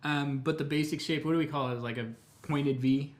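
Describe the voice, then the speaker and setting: A man teaching a live painting tutorial, explaining each step in a relaxed, chatty way. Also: fairly high pitch, brisk. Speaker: painting instructor.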